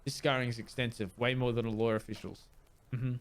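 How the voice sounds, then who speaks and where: A let's player reads a video game's dialogue aloud at a measured pace, putting on amateur voices for the characters. His voice is medium-pitched and steady in tone.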